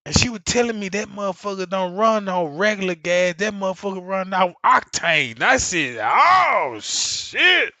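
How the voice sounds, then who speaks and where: A man telling a raunchy comic story in a loud, excitable, profane way, swinging between hushed asides and shouts. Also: high voice, moderate pace, hardly any pauses, dry recording.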